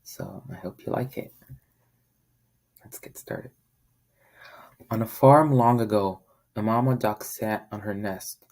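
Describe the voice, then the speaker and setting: A man reading a children's picture book aloud as a volunteer, in a friendly, steady manner. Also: fairly low pitch, slow pace, creaky, pauses often. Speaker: volunteer storybook reader.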